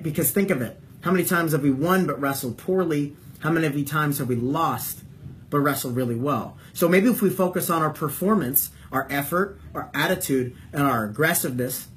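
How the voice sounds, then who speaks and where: A man's voice: a little high, a little hiss or hum. A man coaching wrestlers on a call, emphatic, repeating key points and firing yes-or-no questions.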